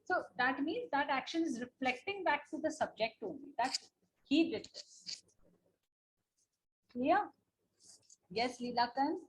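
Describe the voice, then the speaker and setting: A woman's voice: sits high, animated, unhurried, long pauses, poor audio. A woman with an Indian English accent teaching an online class, patient and repetitive, checking in with "okay?" as she goes. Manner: patient, repeats points, asks "na?" and "okay?".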